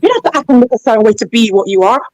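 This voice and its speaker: A high-voiced woman with a swooping, animated delivery, bantering on a live online panel. She talks in a crude, teasing, flirty way. The sound is close and dry, picked up by a computer mic on a call. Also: very fast, dry recording, low-quality recording. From Jamaica.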